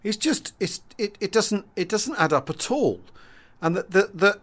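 A man's voice: high-pitched, lively intonation, moderate pace, a bit bright. A man co-hosting a casual history podcast chat, rambling with many restarts and fillers. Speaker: podcast co-host.

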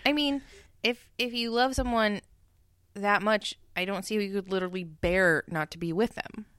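A woman co-hosting a casual TV recap podcast, opinionated and animated, acting out characters' lines in paraphrase. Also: mid-range voice, moderate pace, clean tone, no room sound, studio quality. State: tipsy from drinking. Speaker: podcast co-host.

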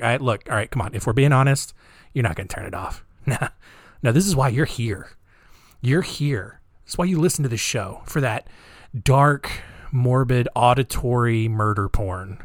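A man hosting a podcast, telling a dark story in a casual, rambling, joking way with many fillers. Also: medium pitch, normal speed, no room sound, clean studio sound. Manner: rambling, jokey, lots of fillers. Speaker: podcast host.

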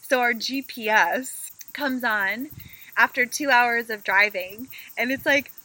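Animated woman, bright voice. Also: a little high, slow pace, poor audio. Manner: animated storyteller, acts out quotes. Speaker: podcast co-host. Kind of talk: casual travel chat.

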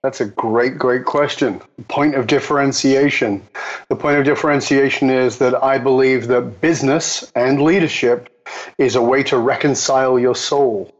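A man's voice: medium pitch, normal speed. A man telling a story as an interview guest, acting out the exchanges he quotes. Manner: animated, acts out quoted exchanges. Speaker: guest speaker. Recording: dull lo-fi audio.

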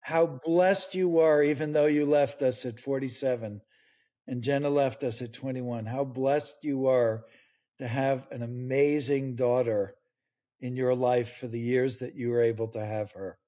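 A man's voice: medium pitch, fairly even intonation, a little slow, warm tone. An older man, a grief expert guest, speaking earnestly and tearfully in an interview. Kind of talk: emotional interview conversation.

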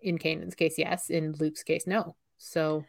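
A woman's voice: low voice, level tone, a little slow, vocal fry. Thoughtful rambling woman podcaster. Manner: thoughtful, rambling with many fillers. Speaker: podcast co-host. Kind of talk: casual fan chat.

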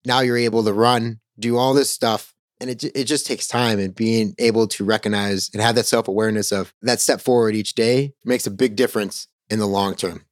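A man's voice: fairly low pitch, steady tone, a little fast, hardly any pauses, no room sound, studio quality. A man hosting an interview podcast, reflecting on what his guest said and summing it up. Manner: reflective, sums up the guest's points. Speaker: podcast host.

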